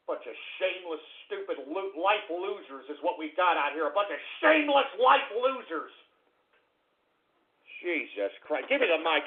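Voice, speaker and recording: A man hosting a talk radio show, ranting in a profane, angry manner with shouted outbursts. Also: fairly high pitch, expressive, normal speed, very noisy. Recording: narrow phone-like lo-fi sound.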